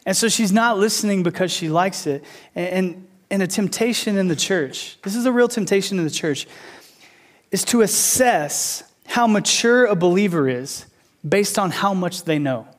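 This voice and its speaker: A man in his thirties preaching a sermon, an animated storyteller who repeats phrases for emphasis. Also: sits high, moderate pace. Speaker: pastor teaching a series.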